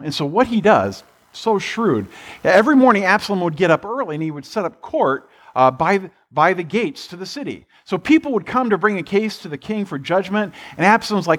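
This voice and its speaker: A man's voice: sits high, sing-song, fairly quick. A pastor preaching a sermon, retelling a story in a loose, conversational way and voicing the characters with "he's like".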